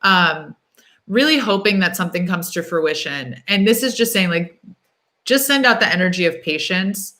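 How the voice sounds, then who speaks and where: Bright-voiced woman chatting on a livestream. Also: mid-range voice. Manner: chatty, thinks aloud, fills pauses with "um" and "like"; upbeat and encouraging. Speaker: tarot reader hosting a livestream. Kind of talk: casual live-stream chat.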